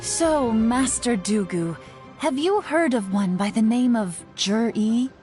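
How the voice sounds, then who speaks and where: A woman voicing a calm, shrewd young female traveler in video game dialogue, measured and politely formal. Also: a little high, soft background music. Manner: measured, playfully formal when flattering.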